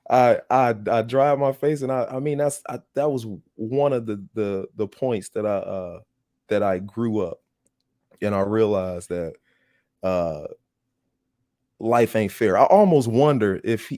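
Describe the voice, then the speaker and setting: Laughing, storytelling man with a mellow voice. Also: lowish voice, no echo, clean studio sound. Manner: animated, laughs often, acts out quoted voices. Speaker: podcast host. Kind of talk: casual storytelling.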